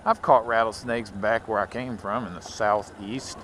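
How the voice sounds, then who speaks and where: A man's voice: on the low side, fairly even intonation, moderate pace, noisy background. A man from Louisiana with a Southern accent, rambling casually while riding a motorcycle. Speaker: motovlogger.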